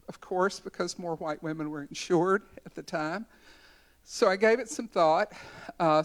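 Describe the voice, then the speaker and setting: Woman in her sixties telling a story. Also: on the low side. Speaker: community educator. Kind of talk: storytelling speech at a symposium. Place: college conference center.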